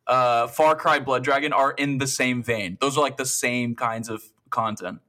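A man's voice: medium pitch, fairly even intonation, moderate pace, sharp tone. A man on a gaming podcast in casual chat, rambling through stories and laughing often. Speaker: podcast guest or co-host.

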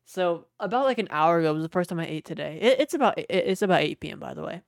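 A man's voice: a little high, lively intonation, quick pace, vocal fry, no room sound, clean studio sound. A young man co-hosting a podcast, chatting casually, joking and swearing as he rambles. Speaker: podcast co-host. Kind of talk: casual chat.

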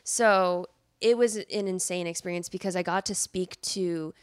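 A woman's voice: on the low side, moderate pace, clean tone. A young woman guesting on a podcast, chatting casually, with many fillers and restarts.

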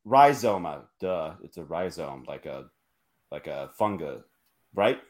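A man's voice: rumbling low, unhurried, crowd noise. A man hosting a podcast in casual chat, hesitant and thinking aloud, peppered with "like". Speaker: podcast host.

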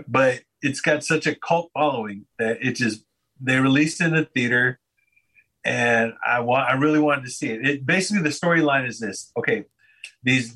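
A man's voice: medium pitch, pushed and bright, rough recording. A man guesting on a podcast, telling a rambling story in casual chat and laughing often.

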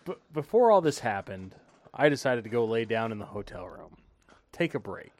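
A man telling a story among friends in a relaxed way, doing voices for the people he quotes. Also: mid-range voice, normal speed, dry recording.

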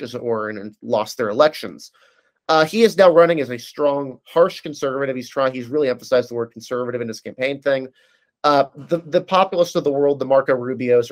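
A man giving a casual, detailed political analysis, talking with frequent restarts and fillers. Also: medium pitch.

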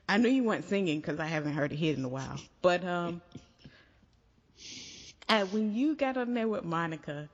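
A podcast co-host chatting casually with a dry, sarcastic, teasing edge. The sound is dull and lo-fi. A long reverb trails behind every phrase. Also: mid-range voice. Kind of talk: casual chat.

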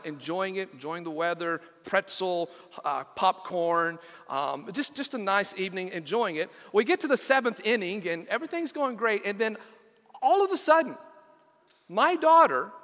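A man's voice: high-pitched, pushed and bright, long reverb tail. A middle-aged man, preaching a sermon as pastor, telling stories and repeating words for emphasis.

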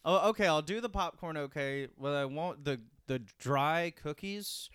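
A man's voice: a little high, normal speed, fairly bright tone, clean tone, dry recording. A man co-hosting a comedy podcast in casual chat, joking, laughing often and slipping into silly voices. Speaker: podcast co-host.

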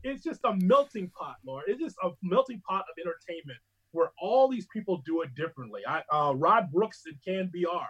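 Husky-voiced sports radio host, animated. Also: male voice, high voice, a little fast, muffled recording. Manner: animated storytelling, mimics other hosts loudly. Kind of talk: casual conversation between radio hosts.

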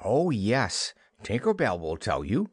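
A man's voice: mid-range voice, sing-song, a little slow, no room sound, studio quality, voice pushed up. A man voicing a prim, motherly young girl who talks in a earnest, lightly scolding way.

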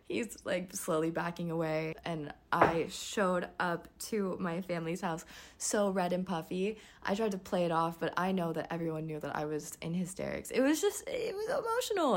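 A woman's voice: on the low side, moderate pace. A woman in her twenties hosting a podcast, giving a candid personal update in a chatty way and laughing often. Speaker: podcast host. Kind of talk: casual personal life update.

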